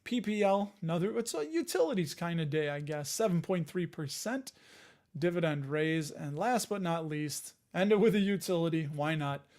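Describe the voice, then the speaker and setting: A man's voice: on the high side, animated, moderate pace, darkish tone. A man hosting a casual investing livestream, running through news with jokey asides. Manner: chatty, jokey asides while reading news items. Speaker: host of a dividend investing show.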